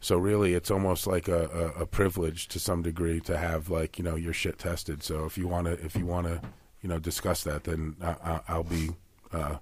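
A man on a podcast in casual chat, speaking haltingly and restarting often. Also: low-pitched, flat delivery, a little mellow.

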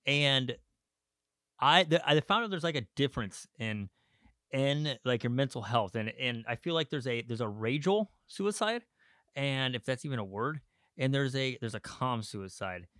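A man talks through a personal podcast monologue in an open, unscripted way. He stops and restarts often and leans on fillers as he searches for words. His mid-pitched voice sits close and dry, with no room sound around it. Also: animated, a bit bright, no room sound. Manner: candid, halting, with frequent restarts and fillers. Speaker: podcast host.

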